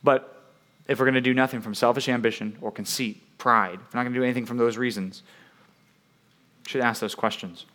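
A man's voice: medium pitch, fairly even intonation, brisk, fairly bright tone. A man preaching to young people in a conversational way, often asking "right?" and acting out the voices he quotes. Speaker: youth preacher.

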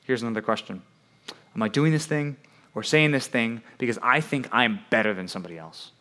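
A male youth preacher with a voice of ordinary pitch, neither high nor low. He talks to his young listeners casually, checks in with "right?" and slips into playful voices for the people he quotes. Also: brisk, pushed and bright. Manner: conversational, keeps asking "right?" and acts out quoted voices.

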